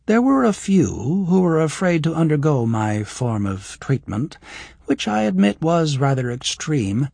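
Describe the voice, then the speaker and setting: A man voicing a frank, wry young woman healer in an audiobook, his voice lifted higher for her. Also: measured pace, gravelly, dry recording, heavily acted. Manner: raised voice for a woman, expressive.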